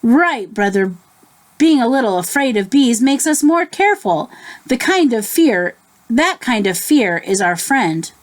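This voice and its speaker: A woman doing a calm big-brother raccoon. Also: a little high, measured pace. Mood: reassuring.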